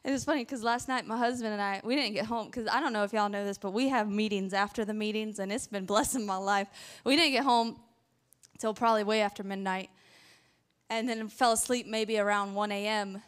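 A young woman preaching a sermon, animated, acting out frantic prayers and stories. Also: mid-range voice, a little fast, clean tone.

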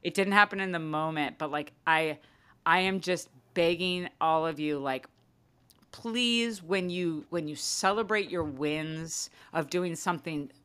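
A woman in her thirties or forties on a podcast, telling a story in a casual, sarcastic, animated way with lots of "like". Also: low voice, a little slow, smooth. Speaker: podcast co-host. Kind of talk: casual chat.

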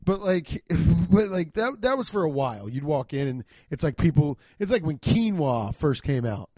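The podcast host here is a man with a slightly high voice at a moderate pace, captured in clean studio sound without echo. He tells funny stories with plenty of profanity and acts out quotes in silly, animated voices.

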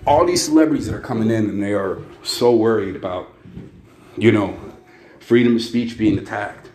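With a fairly low, darkish voice at a moderate pace, a man hosting a podcast rages sarcastically and swears constantly. Faint noise and echo fill the room.

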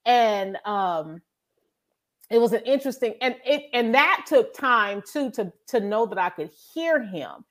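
A woman co-hosting a podcast, telling a faith testimony in a casual, animated way and acting out her own prayers as she goes. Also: fairly high pitch, unhurried. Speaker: podcast co-host.

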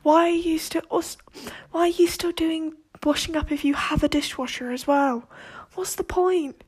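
High-voiced woman ranting. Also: fairly even intonation, normal speed, a little mellow. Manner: ranting, exasperated, swears, drops into whispered asides. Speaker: podcast host. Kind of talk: casual monologue.

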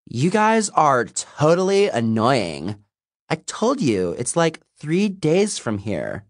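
A man voicing a monstrous vampire girl who talks like an exasperated teenage mall girl, drawling and higher than his own voice. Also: huge pitch swings, slow, dry recording, clean studio sound, full character voice. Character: teenage-sounding vampire girl, bossy and snippy.

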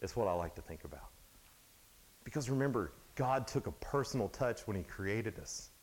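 A young man preaching a casual youth sermon, retelling Bible stories in an animated way with lots of fillers. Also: lowish voice, poor audio. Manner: animated storytelling, acts out Bible scenes; casual, filler-heavy talk with frequent "like". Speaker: youth speaker.

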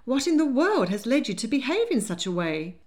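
A woman voicing a fluttery, anxious aristocratic mother who pleads in a high, plaintive voice. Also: very animated, normal speed. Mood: fretful.

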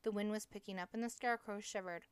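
Woman narrator, smooth clear voice, dry close sound, steady audiobook read. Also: medium pitch, dry recording. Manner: steady, measured reading. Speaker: audiobook reader.

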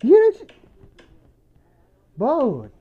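A young man tells stories in a loose, casual chat with a friend. His pitch jumps all over as he acts out what people said and breaks into laughter, and the recording sounds dull and lo-fi. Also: takes it slowly, husky. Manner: animated storyteller, acts out quotes, laughs often. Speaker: friend chatting.

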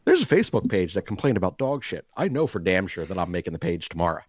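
A man co-hosting a podcast, telling a profane story in a casual, animated way and acting out what people said. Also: low voice, fast talker, no echo, highs cut off. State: out of breath. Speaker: podcast co-host.

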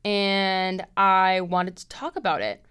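Animated woman podcaster with a smooth voice. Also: slow. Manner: animated storytelling, acts out quotes in a high voice, swears. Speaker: podcast host. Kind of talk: casual solo podcast chat. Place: apartment.

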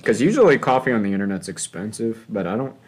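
A young man co-hosting a casual, crude podcast chat, joking loudly and laughing often. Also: fairly low pitch, sing-song, fast, husky. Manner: loud, joking, laughs often, puts on silly voices. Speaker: podcast co-host.

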